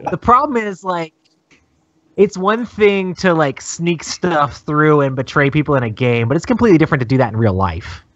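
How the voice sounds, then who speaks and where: A man's voice: fairly high pitch, animated, normal speed, fairly bright tone, no room sound. A man hosting a gaming podcast who chats in an earnest, laid-back way, on dull lo-fi audio. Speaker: podcast host. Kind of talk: casual chat.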